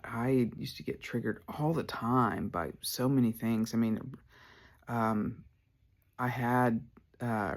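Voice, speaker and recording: Guy telling his story on a podcast, kinda gravelly, rambles with lots of likes. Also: mid-range voice. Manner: candid, rambling, lots of "like" fillers. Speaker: podcast host. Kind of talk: personal storytelling.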